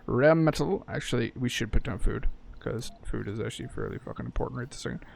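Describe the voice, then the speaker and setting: A man's voice: medium pitch, quick pace, vocal fry, a little mellow. Swearing man narrating his gameplay. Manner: swears casually, thinks aloud, self-correcting. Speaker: let's-play gamer. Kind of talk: casual gameplay commentary.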